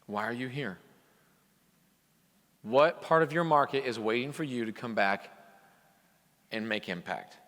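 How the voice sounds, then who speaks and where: Brief: male motivational speaker, bright and forceful, live conference hall with long reverb. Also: mid-range voice, a little slow, long pauses. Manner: impassioned, rising into emphatic peaks. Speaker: coach speaking to repair shop owners. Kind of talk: motivational speech to a live audience.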